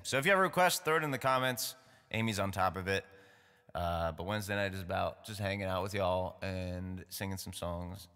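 A man with a New York accent hosts a live concert from home, his fairly low, slightly bright voice sounding as if in a large hall. Between songs he chats casually and jokes loosely while an acoustic guitar plays in the background.

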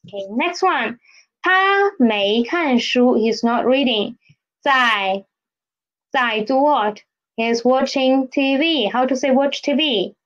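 A woman's voice: a little high, fairly bright tone, lo-fi sound. A woman teaching a language lesson, patiently repeating each word and checking in with the listener. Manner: patient, repeats words and checks with "okay?" and "right?". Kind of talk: slow step-by-step lesson.

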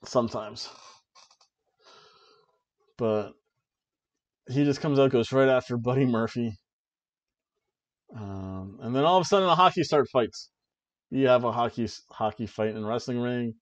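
A man co-hosts a podcast and casually recaps a wrestling show in an excited play-by-play manner, tossing in jokey asides. His voice sits at an ordinary middle pitch. The recording sounds dull and lo-fi. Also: measured pace, long pauses. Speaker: podcast co-host.

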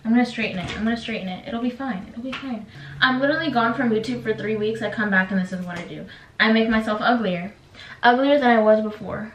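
A woman's voice: a little high, quick pace, slight background noise. A young woman vlogging casually at home, dramatic and exasperated, mocking herself. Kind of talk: casual vlog. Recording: echoey room, camera a bit distant.

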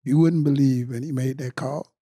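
A man with a mellow, warm, middle-pitched voice chats on a podcast and drops in side comments. He is recorded close and dry. He stops and restarts now and then as he talks. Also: normal speed, breathy edge, no echo. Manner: relaxed, adds side comments, hesitant restarts. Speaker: podcast co-host. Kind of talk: casual chat.

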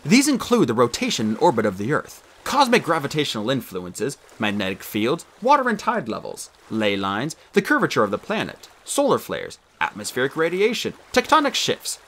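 A man reading a children's novel aloud as an audiobook narrator, expressive and animated. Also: medium pitch.

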